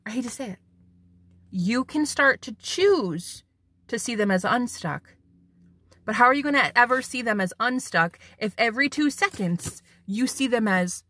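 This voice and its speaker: A woman's voice: a little high, animated, normal speed, a bit bright, dry recording. A woman psychic medium giving a spiritual tarot reading, talking bluntly and preachily and swearing for emphasis.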